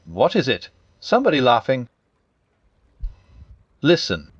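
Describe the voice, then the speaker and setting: A man's voice: mid-range voice, wildly swooping pitch, slow, slightly rough, no echo, lo-fi sound, heavily acted. A man doing an eager young boy.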